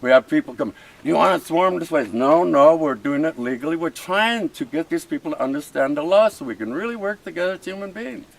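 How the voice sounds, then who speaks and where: A man's voice: a little high, expressive, brisk, creaky, low-quality recording. Impassioned man arguing at a camp. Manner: impassioned, pleading, repeats himself. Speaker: First Nations chief. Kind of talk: heated face-to-face argument. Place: outdoor protest camp.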